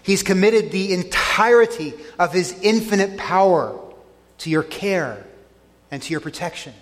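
A middle-aged pastor delivers an earnest sermon in a church sanctuary, his voice sitting a bit high for a man. He often sinks quiet and low to press a point home. A long reverb trails each phrase through the hall. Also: animated, measured pace. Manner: earnest preaching, dropping soft and low on key lines.

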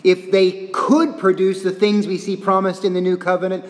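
A man delivers an earnest expository sermon in a fairly high voice. He leans into quiet, deliberate emphasis and then builds to rising intensity. The sound carries a long, echoing reverb from a large hall. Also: level tone. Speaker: pastor.

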